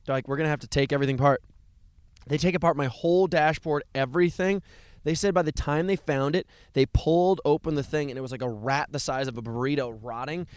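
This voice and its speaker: A man's voice: on the high side, steady tone, fast talker, smooth, no room sound, studio quality. A man telling a story in a casual podcast chat, with restarts as he goes. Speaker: podcast guest.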